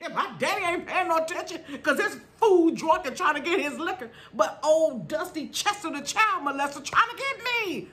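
A middle-aged woman vlogger telling a story in a casual, animated way, laughing often and calling her viewers y'all and honey. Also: very high-pitched, moderate pace, hardly any pauses.

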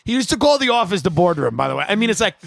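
A man hosting a podcast, telling comedic stories in a rambling, animated way. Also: sits high, rapid-fire, creaky, no echo. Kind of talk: comedic storytelling monologue.

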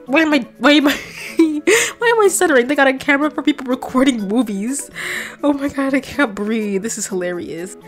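A young gaming vlogger gives excited reaction commentary while playing, rushing through a scandalized narration of her session with laughs and shrieks. Her fairly high voice runs at normal speed with hardly any pauses, over soft background music.

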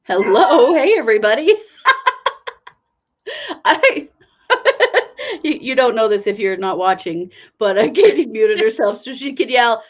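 A middle-aged woman chats as a podcast co-host, animated and quick to laugh or get riled up. Her pitch swings a lot, and the sound is a little dull and lo-fi. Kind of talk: casual chat.

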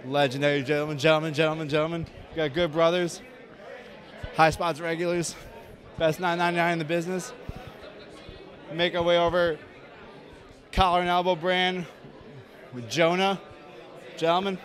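A man's voice: on the high side, level tone, moderate pace, long pauses, fairly bright tone, a faint crowd. A man hosting a casual tour of a busy indoor convention floor, joking and bantering with fans, recorded on a mic on a crew member's camera. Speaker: host. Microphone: mic on a camera carried by a crew member.

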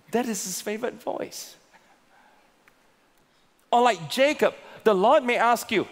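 A male pastor preaching a sermon with slow, emphatic delivery and repeated words. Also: high voice. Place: large church auditorium. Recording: long reverb of a large hall.

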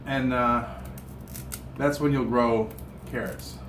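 A man's voice: medium pitch, steady tone, slow, a bit bright. Man, southern US accent, rambling casual chat, distant mic, echoey room with faint hum. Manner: rambling, many restarts and fillers. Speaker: cooking vlogger. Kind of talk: casual chat while cooking. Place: hotel room.

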